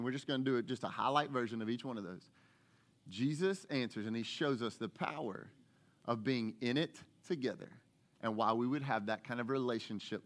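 A man, preaching a sermon as lead pastor, animated and acting out the voices of the people he talks about. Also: mid-range voice. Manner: animated preacher, acts out voices, rises to excited shouts.

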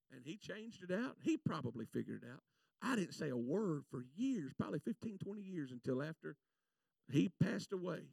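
A man, preaching a fervent sermon and telling folksy stories, stretching out scripture verses slowly. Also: high-pitched, sing-song, creaky, dry recording. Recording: voice from a distance from the mic, dry sound.

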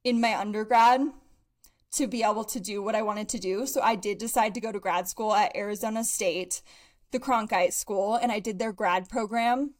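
A woman's voice: medium pitch, steady tone, moderate pace. A young woman co-hosting a podcast, chatting casually and upbeat, a little out of breath and laughing often. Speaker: podcast co-host. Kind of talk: casual chat.

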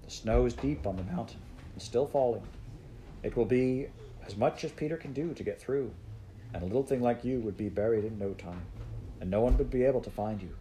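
A man reading a storybook aloud and voicing a protective old grandfather in a firm, steady manner. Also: mid-range voice, brisk, a little hiss or hum, natural voice.

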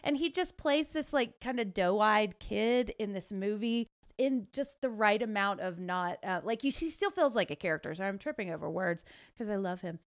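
A woman's voice: medium pitch, expressive, no echo. A woman co-hosting a casual film podcast, talking enthusiastically with lots of "like" fillers. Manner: enthusiastic, fast-flowing, heavy use of "like". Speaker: podcast co-host.

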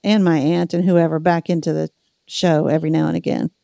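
A woman with a faint Southern US accent, hosting a podcast and telling family stories in an animated, casual way. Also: low-pitched, brisk, gravelly, no room sound. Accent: slight Southern US. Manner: animated storyteller, acts out family members' voices. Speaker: podcast host. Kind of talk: casual chat.

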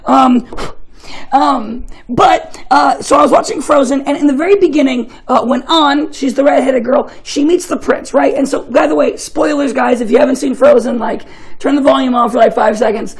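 A man's voice: extremely high pitch, normal speed, breathy edge, poor audio. A young man giving a casual, joking sermon, telling chatty stories and often laughing. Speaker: preacher.

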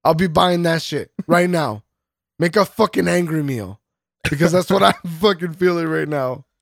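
Speaking at a moderate pace with a slightly high voice and vocal fry, a male podcast co-host rants furiously, swearing nonstop and bursting into laughter. The sound is dry and studio grade.

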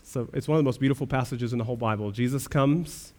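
Male pastor, mid pitch, earnest sermon delivery with emphatic questions. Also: fast talker, a little mellow. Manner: earnest preaching with rhetorical questions and swells of emphasis.

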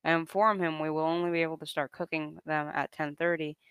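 A man's voice: fairly high pitch, little pitch movement, a little fast, a bit bright, smooth, no echo. A young man casually reading an online story aloud to a co-host, often breaking into laughter as he reads.

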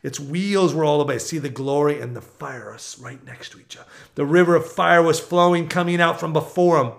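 Man, preacher, fervent sermon, high-pitched voice, loud-to-hushed swings. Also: fairly quick, vocal fry.

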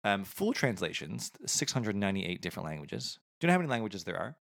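A man's voice: on the low side, big pitch swings, fast talker, creaky, fairly bright tone. A man co-hosting a podcast in casual chat, rambling with frequent fillers. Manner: rambling, lots of "um"s. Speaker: podcast co-host.

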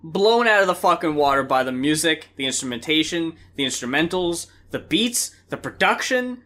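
A man's voice: on the high side, lively intonation, moderate pace, a bit bright. A man co-hosting a casual music review chat, emphatic and blunt, swearing freely. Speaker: music review podcast co-host.

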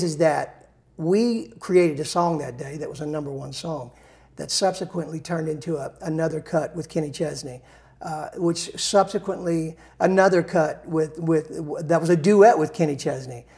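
A man's voice: on the high side, vocal fry, darkish tone. A male songwriter in a casual interview, rambling through stories with restarts and self-deprecating humor.

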